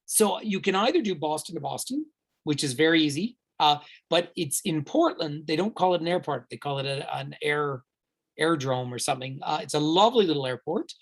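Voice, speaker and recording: A man's voice: a little high, animated, brisk. A man who guides tours, answering viewer questions live in a chatty, rambling way with many fillers and restarts. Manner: enthusiastic, recommends warmly. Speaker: tour guide hosting a virtual tour.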